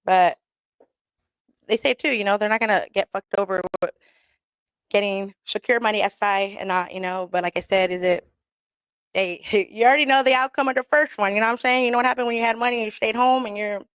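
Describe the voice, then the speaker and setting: A woman's voice: medium pitch, steady tone, brisk, a bit bright, smooth, no room sound. A woman hosting talk radio in a blunt, rambling, profane way, laughing often and mixing in Spanish slang.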